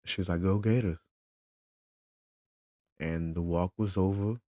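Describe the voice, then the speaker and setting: In a casual storytelling vlog, a father animatedly recounts his day as a fan, acting out his conversations in quotes. His deep voice moves at a measured pace, and the dry recording has its highs cut off.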